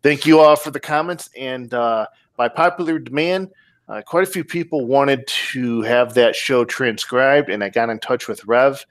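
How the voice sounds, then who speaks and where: Guy hosting a laid-back podcast, lots of uhs, medium pitch. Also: moderate pace, dry recording. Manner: relaxed, many ums and restarts. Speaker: podcast host. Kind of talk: casual podcast chat, reading listener comments.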